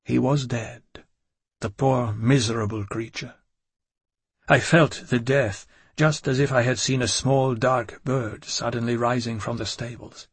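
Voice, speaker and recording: Man, audiobook narrator, first-person gothic story, husky, dry close sound. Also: mid-range voice, fairly even intonation, measured pace, no echo.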